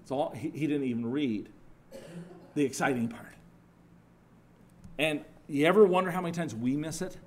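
Conversational male preacher, fairly high voice. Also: normal speed, long pauses, a little hiss or hum. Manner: conversational, animated storytelling with restarts. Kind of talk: sermon.

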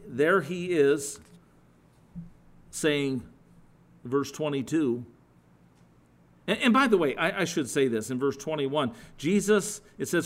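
Man preaching a sermon, conversational, animated storytelling, restarts and asides, somewhat high-pitched.

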